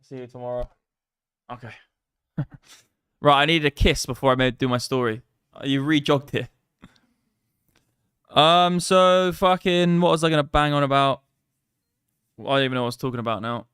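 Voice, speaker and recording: A man talks through a live crypto trading stream in a loose, rambling way, with plenty of swearing. His voice is smooth and resonant. It sounds close and dry, with no room echo. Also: fairly high pitch, normal speed, long pauses, a bit bright. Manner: rambling, profane, casual.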